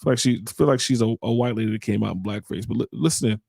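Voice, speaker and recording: A man's voice: on the low side, quick pace, vocal fry, heavy background noise. Blunt, indignant man on a podcast. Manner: blunt, indignant, repeats himself while thinking. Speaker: podcast host. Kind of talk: opinion commentary.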